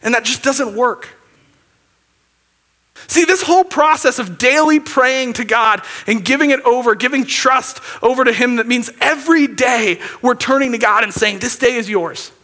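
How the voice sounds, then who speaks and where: A man preaching with a very high voice. He talks to the congregation in a loose, chatty way, checking in with "okay?" and rising to emphatic near-shouts. His tone is bright and forceful. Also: moderate pace. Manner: conversational, often checks in with "okay?". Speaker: pastor. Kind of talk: sermon.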